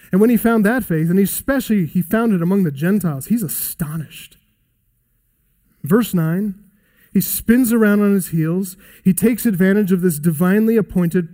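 A man preaching a sermon in an earnest, emphatic way, slowing down to stress key lines and quoting scripture aloud. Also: sits high, warm tone.

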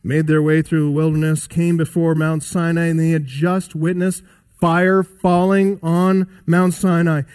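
A man's voice: on the high side, mellow. A man preaching a sermon, emphatic and asking the listeners rhetorical questions. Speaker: pastor.

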